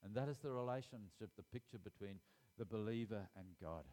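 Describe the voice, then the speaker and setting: A man's voice: on the low side, a little fast, warm tone. A man preaching a sermon, reading scripture aloud and stressing key phrases with repetition and sudden rises in voice. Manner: emphatic, repeats key phrases, rises sharply for emphasis.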